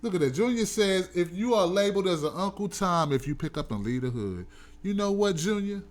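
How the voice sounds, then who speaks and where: High-voiced, emphatic male talk host. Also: expressive, a little fast. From United States. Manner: emphatic, preachy, talks straight to the audience. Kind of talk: opinionated commentary.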